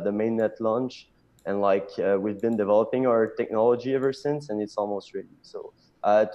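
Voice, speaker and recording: French-accented man with a dark, dull sound. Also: fairly low pitch. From Canada. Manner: halting, many pauses and fillers. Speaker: chief technical officer guest. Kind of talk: casual interview chat.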